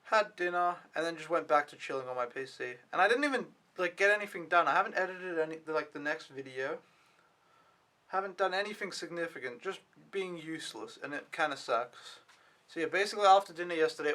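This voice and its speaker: A young man talks through his week in a loose, rambling vlog style and swears now and then. His voice sits a little high and sounds bright. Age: young adult. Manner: rambling, casual, swears when annoyed. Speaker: au pair vlogger. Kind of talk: casual vlog recap.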